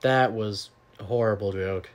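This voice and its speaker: Man, podcast co-host, casual sports banter, chatty, trivia-minded. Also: lowish voice. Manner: chatty, quick to add team trivia.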